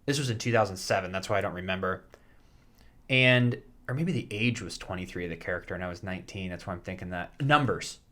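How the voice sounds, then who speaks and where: A man's voice: sits low, quick pace, fairly bright tone, a little hiss or hum. A man in his thirties chatting casually as a podcast co-host, rambling with many fillers and restarts. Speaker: podcast co-host, soap actor. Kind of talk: casual chat.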